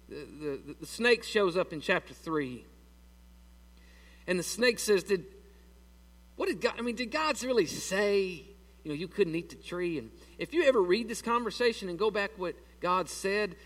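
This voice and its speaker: A man's voice: high-pitched, a bit bright, recorded from a distance. A man preaching a sermon in a church in a folksy, conversational way and asking the congregation questions. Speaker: pastor.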